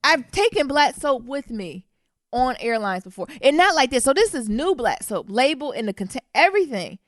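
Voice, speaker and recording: Animated woman ranting. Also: high voice, moderate pace, dry recording, clean studio sound. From Detroit. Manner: indignant, profane, animated storyteller. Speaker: podcast co-host. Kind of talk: casual storytelling chat.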